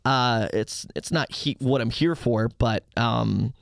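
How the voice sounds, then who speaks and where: A young man on a casual podcast, an arena host telling excited stories and bursting into loud hype shouts. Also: medium pitch, takes it slowly, gravelly, no room sound, studio quality.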